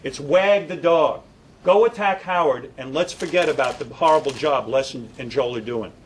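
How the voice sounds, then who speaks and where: A man's voice: fairly high pitch, slight background noise, poor audio. A middle-aged man, a radio broadcaster, giving an indignant, sarcastic statement and taking questions at a press conference.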